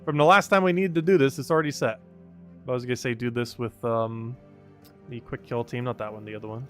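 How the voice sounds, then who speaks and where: A man's voice: mid-range voice, steady tone, brisk, soft background music. A man streaming a game live, chatting casually, reading and greeting chat, and laughing often.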